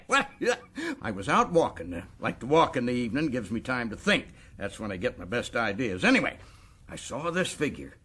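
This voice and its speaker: An actor playing a boastful, folksy prison governor in a radio drama. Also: male voice, a little high, pushed and bright, slightly rough, full character voice.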